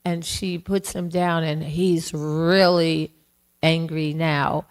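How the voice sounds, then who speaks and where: Slow, low-voiced woman telling a devotional story. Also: level tone, clean tone, poor audio. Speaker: class speaker. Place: temple hall.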